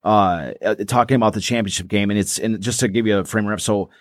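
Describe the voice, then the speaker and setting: A man's voice: fairly low pitch, quick pace, no echo, studio quality. A man co-hosting a podcast, chatting casually about sports history and rambling with many restarts and fillers. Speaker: podcast co-host.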